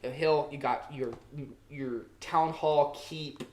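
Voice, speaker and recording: A man's voice: fairly high pitch, fairly even intonation, slow pace, darkish tone, reverberant, slight background noise. A man co-hosting a casual movie review podcast, explaining things eagerly with fillers and restarts. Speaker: podcast co-host.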